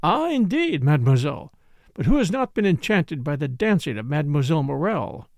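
Man doing a scheming french count, smooth, dry, gravelly, lively pitch. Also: fairly quick, no room sound. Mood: smooth, calculating. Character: suave scheming middle-aged French count.

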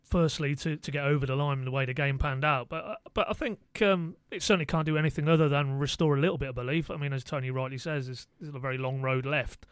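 Male pundit, rapid delivery, crisp clean tone, dry studio sound. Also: fairly high pitch, fairly even intonation, dry recording. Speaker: football correspondent. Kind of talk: casual football podcast chat. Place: radio studio.

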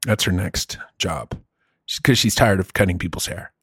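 A man telling stories in casual chat, animated and swearing, saying "dude" a lot. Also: deep voice, normal speed, husky.

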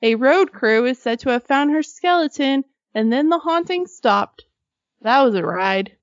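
A woman from Arkansas reads ghost stories aloud for a casual podcast, her voice pitched high. She breaks off for jokey, sweary asides and plenty of laughter. The recording is dry and a little dull, with no room sound. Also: animated, measured pace, dry recording. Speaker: podcast co-host.

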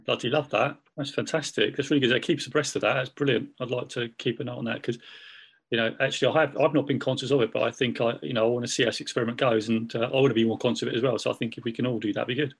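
Male co-host, quick and husky, eager. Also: medium pitch, steady tone. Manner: enthusiastic, teasing. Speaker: podcast co-host. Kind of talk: casual podcast chat.

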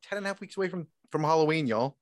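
A man's voice: on the high side, expressive, racing, no echo, studio quality. A man co-hosting a podcast, joking playfully with his friends. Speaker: podcast co-host. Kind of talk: casual chat.

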